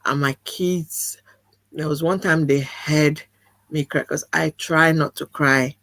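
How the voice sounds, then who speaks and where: A woman's voice: sits low, fairly even intonation, slow, a bit bright, no room sound. A woman guest speaking in an earnest, emphatic way over a video call, often repeating phrases for weight. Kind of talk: candid video-call conversation.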